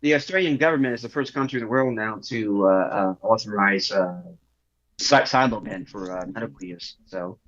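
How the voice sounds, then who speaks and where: A man chatting casually, halting often with "uh" as he talks. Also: fairly low pitch, fairly bright tone, lo-fi sound. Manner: halting, with many "uh"s. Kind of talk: casual chat.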